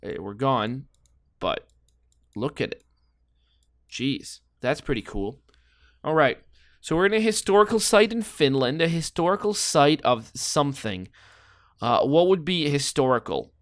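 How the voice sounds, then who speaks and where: A man's voice: fairly high pitch, sing-song, a little slow, long pauses, dry recording, clean studio sound. A man giving casual, rambling commentary while playing a guessing game, joking and thinking aloud. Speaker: gameplay commentator.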